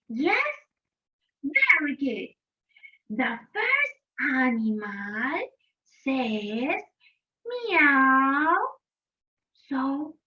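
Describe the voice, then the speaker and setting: A woman teaching a children's English lesson in a slow, sing-song, exaggerated way. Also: sits high. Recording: distant, dull lo-fi recording.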